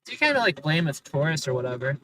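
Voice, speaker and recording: A man's voice: fairly high pitch, big pitch swings, fast talker, bright, forceful tone, poor audio. A man livestreaming casual, sarcastic commentary from inside his car as he drives city streets, complaining about other drivers.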